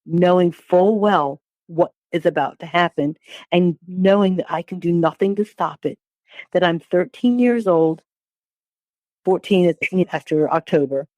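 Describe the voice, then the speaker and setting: A woman in her sixties recounts her story as an interview guest, her voice sitting low. She speaks haltingly, repeating words and restarting phrases. The sound is dry and close, with no room echo. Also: warm tone. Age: 60s. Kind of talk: personal testimony.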